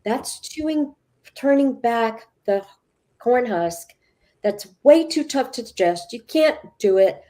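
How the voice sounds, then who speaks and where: A woman's voice: fairly high pitch, expressive, slow pace, dark tone. A woman guest speaking as a spiritual teacher, telling stories emphatically and acting out quoted dialogue. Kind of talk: animated storytelling talk.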